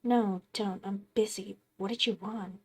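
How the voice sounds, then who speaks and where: A woman's voice: mid-range voice, steady tone, a little slow, husky. Woman reading paranoid angry loner. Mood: irritated. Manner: curt, agitated, swearing. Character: paranoid, angry lone man, tired and hostile. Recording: loud game music behind.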